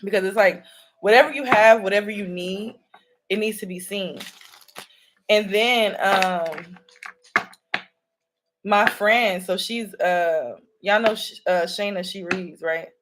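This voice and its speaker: A woman's voice: medium pitch, takes it slowly, long pauses, background noise. A woman, a spiritual reader talking loosely and rambling to her viewers about signs and energy. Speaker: spiritual reader and channel host. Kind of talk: casual spiritual channeling talk to viewers. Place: home room with candles.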